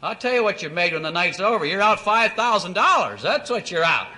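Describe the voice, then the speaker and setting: Male founder figure, folksy storyteller, swooping animated delivery, addressing distributors. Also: sits high, brisk. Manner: folksy storyteller, acts out quoted dialogue. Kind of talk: motivational business speech.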